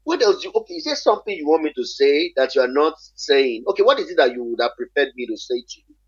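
A man's voice: fairly high pitch, very animated, fast talker, husky, dry recording, muffled recording. A man playing a bewildered husband defending himself in a retold story, in a puzzled, protesting way.

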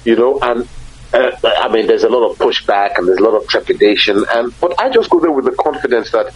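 Husky man, emphatic, lo-fi. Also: medium pitch, animated, fairly quick, no room sound. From Nigeria. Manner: emphatic, repeats words while searching for them. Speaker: broadcaster and conference moderator. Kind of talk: casual interview talk. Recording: husky voice on dull lo-fi audio.

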